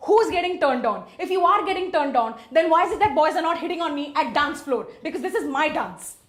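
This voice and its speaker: A woman's voice: high voice, animated, a little fast. A young woman doing a stand-up comedy set in a sarcastic, self-deprecating way with lots of rhetorical questions.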